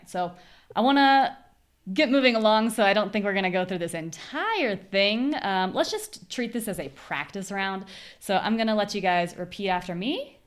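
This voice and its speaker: A woman with an American accent teaching pronunciation in a live online class, patiently checking the chat and demonstrating rhythms with exaggerated stressed syllables. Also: medium pitch.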